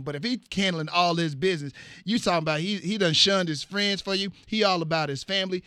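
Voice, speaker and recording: A man's voice: high voice, quick pace, hardly any pauses, sharp tone, smooth, no echo. A male radio host chatting casually with a caller, teasing, laughing and lecturing in loose slang. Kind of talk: casual call-in radio chat.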